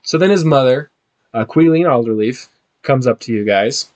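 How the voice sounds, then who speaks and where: A man narrating a tabletop game as game master, animated and halting. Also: medium pitch.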